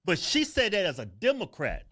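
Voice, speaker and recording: A middle-aged man in casual political banter. He talks in a fairly high voice that swings widely, teasing and laughing as he goes. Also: huge pitch swings, normal speed, fairly bright tone. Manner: joking, laughs often, teasing. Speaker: political commentator.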